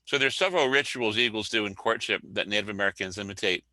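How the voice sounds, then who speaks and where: A man giving an informal lecture over a video call, explaining at an easy pace with pauses. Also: lowish voice, sharp tone, low-quality recording. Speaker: speaker and author.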